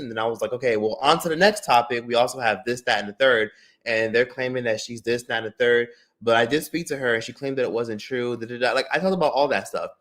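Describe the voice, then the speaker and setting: A man on a livestream telling a long personal story in a casual, animated way. He swears often and fills his talk with "like". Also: mid-range voice. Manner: animated, profane storytelling with many "like" fillers. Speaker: streamer and drama commentator.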